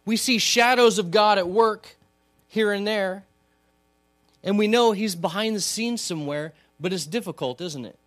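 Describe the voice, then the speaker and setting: A man with a fairly high voice preaches a sermon in a relaxed, conversational way. He keeps turning to the congregation with questions. The sound is dry and close, with little room echo. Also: normal speed. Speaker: pastor. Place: church hall.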